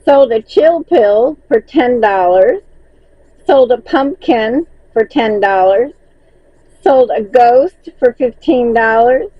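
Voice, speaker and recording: A woman's voice: fairly high pitch, lively intonation, slow pace, no echo, dull audio. A woman with a Southern accent, chatting casually in a vlog as she recaps her crochet market sales and laughs often.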